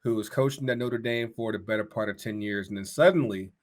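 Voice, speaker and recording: A podcast host with a lowish voice talks a little fast in casual chat. He laughs a lot, stammers by repeating words, and riffs freely.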